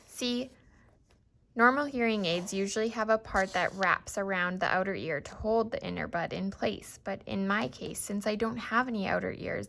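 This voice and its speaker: A woman reading a novel aloud in a steady first-person storytelling manner. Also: medium pitch, creaky. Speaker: reader. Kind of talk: audiobook narration.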